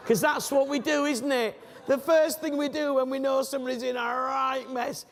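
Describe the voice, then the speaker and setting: A man giving a Christian teaching talk, animated and jokey, acting out scenes for his listeners. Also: very high voice, a little fast, a little hiss or hum. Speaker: Christian speaker. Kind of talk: teaching talk with acted illustrations. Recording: long reverb of a hall.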